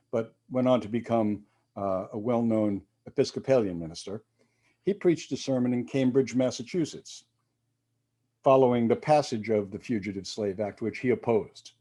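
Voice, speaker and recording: A man's voice: mid-range voice, mellow. A male minister giving a reflective sermon, with quoted readings and casual asides.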